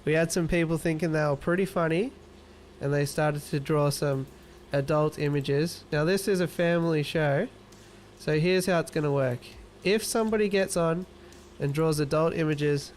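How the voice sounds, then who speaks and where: A man's voice: fairly high pitch, steady tone, moderate pace, darkish tone, slight background noise. An Australian man hosting a casual livestream, reading viewer comments aloud and teasing them playfully. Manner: playful, teasing, laughs often. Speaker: livestream host.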